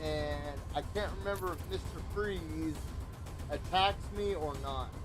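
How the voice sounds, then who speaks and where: A man's voice: on the high side, unhurried. A young man streaming a video game, rambling casually in profane commentary full of "like" and "dude". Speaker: gaming streamer. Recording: game music playing behind.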